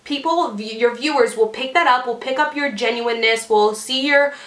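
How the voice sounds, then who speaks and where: A woman's voice: fairly high pitch, normal speed, a bit bright. Chatty woman vlogger, roomy sound. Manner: chatty, many "like" fillers. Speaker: beauty YouTuber. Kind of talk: casual Q&A vlog. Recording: roomy echoey room.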